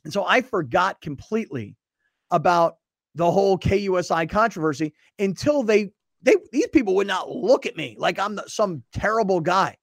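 A male podcast host telling a story in casual chat, animated and acting out the voices of others. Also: high voice, normal speed, vocal fry, no echo, studio quality. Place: studio.

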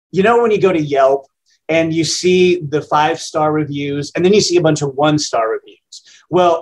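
A radio host in his fifties talks plainly and casually, the way he would at a kitchen table. His voice sits a little high for a man, and he keeps the tone self-deprecating and easygoing. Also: low-quality recording. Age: 50s. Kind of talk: casual interview answers.

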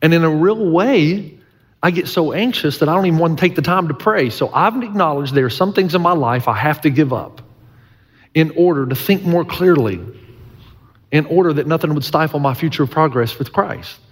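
A middle-aged pastor delivers an earnest sermon in a slightly high voice. His delivery is emphatic and folksy, and he repeats his main points. A long reverb trails each phrase, as it would in a large church hall. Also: moderate pace, breathy edge. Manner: earnest, emphatic preaching with folksy humor and repetition.

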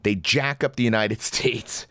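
A man's voice: medium pitch, steady tone, a little slow, fairly bright tone, dry recording, studio quality. A man hosting a podcast, delivering an opinionated monologue in a sarcastic, ranting way. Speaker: podcast host.

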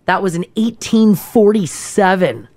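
Animated woman co-hosting radio chat. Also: mid-range voice, measured pace, no room sound. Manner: animated, laughs while telling stories. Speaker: radio show co-host. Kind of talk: casual radio chat, reading fun facts.

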